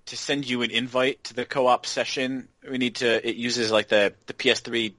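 A man's voice: mid-range voice, flat delivery, normal speed, fairly bright tone, no room sound. A man co-hosting a podcast, chatting about video games in an easygoing, agreeable way, often repeating his words. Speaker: podcast co-host.

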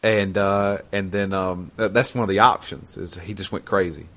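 A man's voice: low-pitched, moderate pace, slight background noise. A man in casual chat, recounting a video game playthrough with lots of swearing and laughter. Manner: animated storyteller, swears a lot, laughs.

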